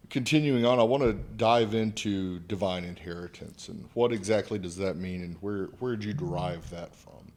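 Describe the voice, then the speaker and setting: A man with a very low voice hosting a casual podcast. He asks questions in an easygoing, friendly way and eases the conversation along. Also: moderate pace, hardly any pauses, a little mellow. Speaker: podcast host.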